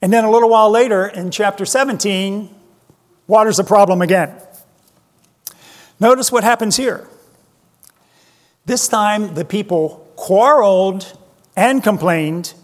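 A man preaching a sermon, slow and emphatic, asking his listeners rhetorical questions. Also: sits high, big-room sound. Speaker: pastor.

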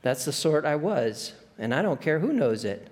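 A grumbling ghost of a working man insists on his rights in rough, ungrammatical speech, voiced by a man. His tone is indignant and self-pitying. A long hall echo trails behind each line. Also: fairly high pitch, big pitch swings, moderate pace. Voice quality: blustering, rough working-class grammar. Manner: indignant and complaining.

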